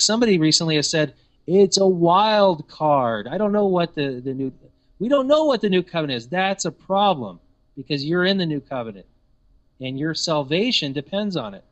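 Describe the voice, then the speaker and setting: A man's voice: on the high side, a bit bright. A man giving a sermon-style teaching, emphatic and full of rhetorical questions.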